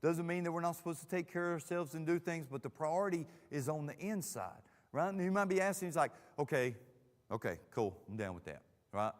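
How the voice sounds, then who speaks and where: A pastor teaches a Bible study, telling the story in an animated way and slipping into character voices. His voice sits a little high. It rings out with the long reverb of a church hall. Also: quick pace, few pauses. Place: church sanctuary.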